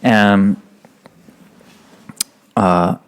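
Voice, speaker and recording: A man's voice: fairly low pitch, fairly even intonation, drawn-out words, smooth. A young man casually telling a rambling, profane story as a podcast guest. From United States. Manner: profane, rambling, acts out drill instructors' yelling.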